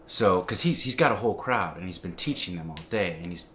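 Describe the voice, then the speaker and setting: Low-voiced man preaching casually. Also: a little fast, slight background noise. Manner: conversational, many fillers and restarts, grows animated at the climax. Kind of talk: informal sermon.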